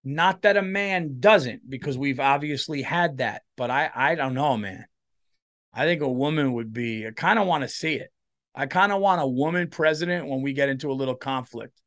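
Podcast comedian: tired man, rambling, profane, animated, mid-pitched. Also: normal speed, no echo, studio quality.

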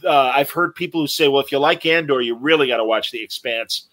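A man's voice: mid-range voice, brisk, fairly bright tone, dry recording. A man co-hosting a casual chat about movies and TV, chatty and reading out listener comments. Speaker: podcast co-host.

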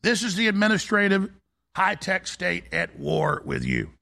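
A male talk show host delivering an intense, forceful ranting monologue. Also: high-pitched, huge pitch swings, a little slow, vocal fry.

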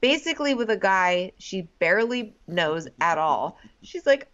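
A woman's voice: mid-range voice, big pitch swings, unhurried, hardly any pauses, a bit bright. A woman in casual chat who talks in a chatty way with plenty of fillers. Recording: dull lo-fi sound.

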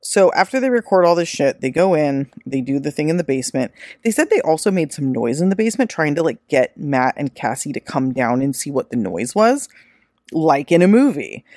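Profane, animated true-crime podcast woman. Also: deep voice, fairly quick, dry recording, clean studio sound. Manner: profane, animated retelling with quoted voices. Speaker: podcast host. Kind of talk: casual true-crime storytelling.

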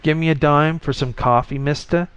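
A man's voice: fairly high pitch, fairly even intonation, moderate pace, smooth, voice pushed up, natural voice. A man doing a whining street beggar. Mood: pleading. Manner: whining, pleading. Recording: dull lo-fi recording.

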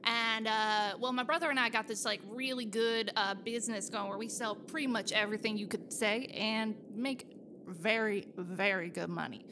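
A woman's voice: on the high side, steady tone, moderate pace, noisy background, close to an everyday voice. A woman playing a pushy young hustler who boasts bluntly about her junk treasure. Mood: boastful.

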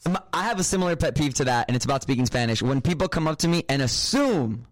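A man co-hosting a podcast, chatting casually in an animated, jokey way. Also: fairly high pitch, fast talker. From United States. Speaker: podcast co-host. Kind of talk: casual chat.

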